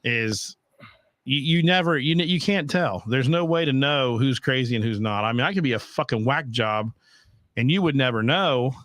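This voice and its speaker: A man's voice: medium pitch, lively intonation, normal speed, fairly bright tone, no echo, clean studio sound. A middle-aged man hosting a casual home podcast, talking bluntly with a lot of profanity and rambling asides. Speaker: podcast host. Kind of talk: casual chat.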